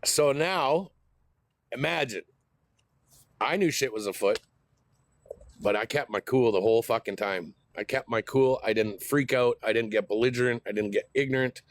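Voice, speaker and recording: A man's voice: mid-range voice, normal speed, long pauses. A middle-aged man, telling a heated, profane story in a casual vlog rant. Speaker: host.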